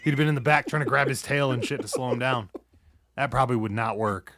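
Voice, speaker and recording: A man's voice: medium pitch, fast talker, a bit bright, slight background noise. A man hosting a podcast in casual chat, joking and teasing his guest. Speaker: podcast host.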